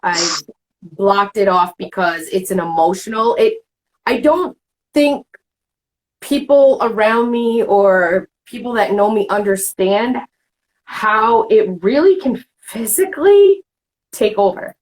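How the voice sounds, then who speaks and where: A woman's voice: mid-range voice, animated, takes it slowly, rough recording. A woman hosting a casual chat, talking candidly in a rambling way and acting out what people said. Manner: candid, rambling, acts out quoted remarks. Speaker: host.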